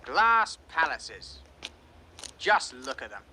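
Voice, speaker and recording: A man's voice: mid-range voice, very animated, slow pace, pushed and bright, a little hiss or hum, exaggerated voice. An actor playing an ambitious young man eager to get rich, in film dialogue.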